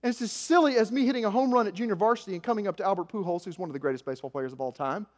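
High-voiced pastor in an echoing hall. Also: male voice, very fast. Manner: storytelling, self-mocking, swings from soft asides to loud emphasis. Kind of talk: sermon. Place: church sanctuary. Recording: echoey hall.

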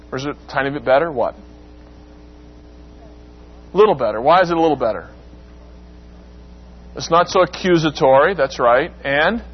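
Guy teaching bible class, asks the room questions, acts out the quotes, kinda high voice, muffled old recording. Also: slightly rough. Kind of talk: interactive Bible class lecture. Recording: dull lo-fi recording with faint hum.

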